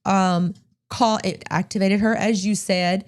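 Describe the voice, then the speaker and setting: A woman co-hosting a ministry show, chatting casually and retelling movie scenes in a lively, step-by-step way. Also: mid-range voice, a little slow. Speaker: co-host of a Christian ministry show. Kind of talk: casual film review chat.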